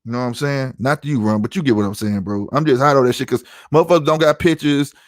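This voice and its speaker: A middle-aged man hosts his own podcast, launching into a heated, profane, emphatic rant at his live chat in a solo livestream. His voice is medium-pitched and quick-paced, captured with studio quality and no echo.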